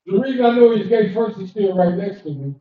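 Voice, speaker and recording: Older guy doing raunchy standup in a cigar lounge, high voice, sounds far off and boomy. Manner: crude, animated storytelling with quick character voices. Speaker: stand-up comedian. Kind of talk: live stand-up comedy. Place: cigar lounge comedy stage. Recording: echoey distant dull live-room recording.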